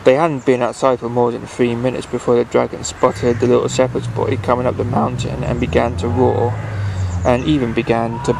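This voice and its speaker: A man reads a bedtime story aloud at an unhurried pace, stopping now and then to restart a phrase. His voice has a gravelly, creaky texture. The pitch sits at a mid level. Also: little pitch movement, background noise.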